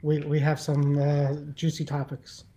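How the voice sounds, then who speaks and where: A man's voice: fairly high pitch, monotone, measured pace, mellow. A man guesting on a podcast, joking and wisecracking in casual chat.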